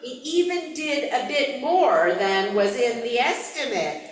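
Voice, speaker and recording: Woman reading an angry cheated husband, slow and blunt, very echoey room, mic far off. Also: very high-pitched, expressive, pitched above the performer's own voice. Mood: aggressive. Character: aggressive Irish man, cuckolded husband.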